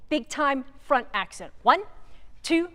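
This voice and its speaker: A woman working as a band clinician, rehearsing an ensemble on a large theater stage, giving quick directions, counting off and singing syllables to show how the notes should sound. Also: high voice, expressive. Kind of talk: rehearsal coaching. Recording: theater reverb with faint noise.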